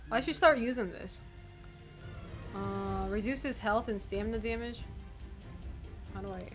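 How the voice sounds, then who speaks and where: A young woman streaming a game, commenting as she plays, excitable, swearing and laughing often. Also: mid-range voice, unhurried. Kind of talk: gameplay commentary. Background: game music.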